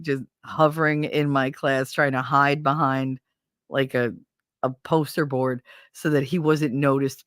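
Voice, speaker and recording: A woman hosting a podcast, telling stories in a casual, animated and profane way. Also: low voice, dry recording, clean studio sound. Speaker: podcast host. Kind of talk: casual storytelling chat.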